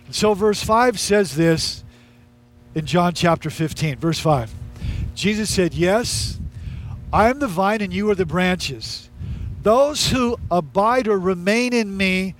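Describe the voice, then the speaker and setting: A man's voice: high-pitched, takes it slowly. A male pastor preaching a sermon in a conversational, emphatic way, repeating his key lines.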